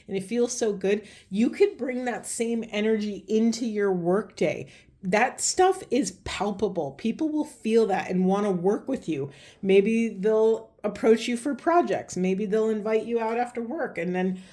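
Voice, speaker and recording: A woman giving a spiritual card reading, talking in a meandering way and searching for words, with her voice going a little hoarse. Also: medium pitch, warm tone. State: voice getting hoarse. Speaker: tarot reader.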